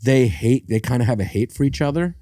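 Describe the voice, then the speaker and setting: A man guesting on a podcast in casual comedic chat, with crude jokes and deadpan asides. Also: medium pitch, brisk, dry recording, studio quality.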